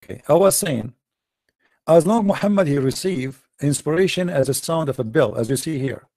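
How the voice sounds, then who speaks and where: Mocking man with a dark, dry voice. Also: on the high side, animated, moderate pace, no echo. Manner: mocking, taunting, repetitive rhetorical questions. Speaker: online debate host. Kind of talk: confrontational live-stream debate.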